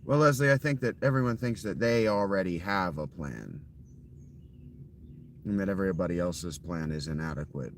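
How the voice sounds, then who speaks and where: A man's voice: low-pitched, expressive, normal speed, slight background noise. A man streaming a survival game live, chatting casually with viewers in a dry, offhand, often profane way. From Ohio.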